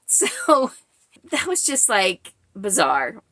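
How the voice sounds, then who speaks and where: A woman's voice: high-pitched, big pitch swings, unhurried, bright, forceful tone, dry recording, clean studio sound. A woman in her forties giving casual vlog commentary as a book reviewer, chatty and explanatory, with frequent fillers.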